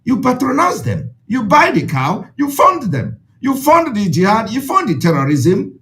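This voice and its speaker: A man's voice: very high-pitched, huge pitch swings, normal speed, fairly bright tone. A man with a Nigerian accent, an Igbo speaker, addresses his followers in an impassioned, repetitive, preaching way.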